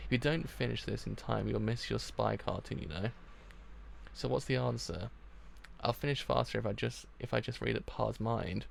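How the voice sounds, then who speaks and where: A man with a gravelly voice reading a comic aloud live, in a casual way, stumbling and restarting often. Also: medium pitch, normal speed, slight background noise.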